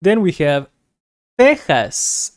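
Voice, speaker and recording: Slow, lively-voiced language teacher. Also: medium pitch, no room sound, clean studio sound. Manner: slow, repeats each word several times for learners; explains in plain terms with small personal asides. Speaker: Spanish teacher. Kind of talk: beginner language lesson.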